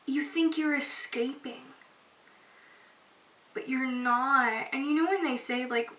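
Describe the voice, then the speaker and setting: Young woman, podcast host, candid confessional chat, bright tone, roomy echo, distant mic, faint hiss. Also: high voice, slow. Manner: open, emotional, casual with frequent "like". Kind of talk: candid personal podcast monologue.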